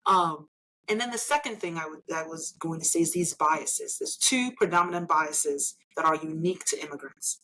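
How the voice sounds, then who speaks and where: Deep-voiced, bright, and forceful at a moderate pace, this Nigerian guest is an engineer and elected official in a conversational interview. She argues with emphasis and persuasion, tacking "right?" onto many of her points, though the audio is poor.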